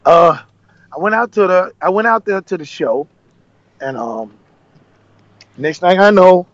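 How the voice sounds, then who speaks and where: A man's voice: high-pitched, expressive, a little slow, no room sound, highs cut off. A man from Nashville, a podcast guest telling his story animatedly in casual conversation, acting out the dialogue he quotes. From Nashville, USA. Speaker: podcast guest, former cooking show contestant.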